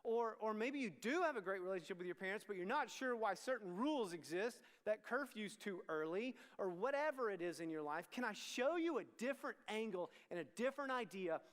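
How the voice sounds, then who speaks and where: Middle-aged guy from texas preaching to students, high voice, long hall echo, chatty, lots of restarts. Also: animated, fairly quick, hardly any pauses, fairly bright tone. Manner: candid and conversational, with many restarts and asides to the crowd. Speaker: student ministry pastor. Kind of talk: youth sermon.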